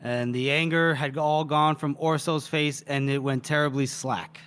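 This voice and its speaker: A man co-hosting a podcast, retelling a book's scene in an animated, chatty way and swearing freely. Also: a little high, moderate pace, clear, resonant tone. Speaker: podcast co-host. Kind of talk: casual book-discussion retelling.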